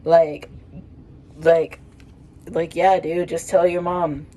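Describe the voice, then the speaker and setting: A woman's voice: lowish voice, little pitch movement, slow, mellow, low-quality recording. A woman in her twenties casually reading her old writing, rambling and self-mocking with lots of fillers. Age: 20s. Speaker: vlogger.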